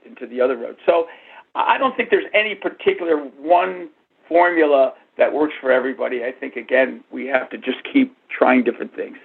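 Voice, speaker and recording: A man in his sixties, a guest in an interview, telling animated stories about his past and acting out what others said. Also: a little high, gravelly, slightly rough. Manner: animated storyteller, acts out quotes. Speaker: guest, art and antique dealer. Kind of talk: storytelling interview answers. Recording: tinny phone-line audio.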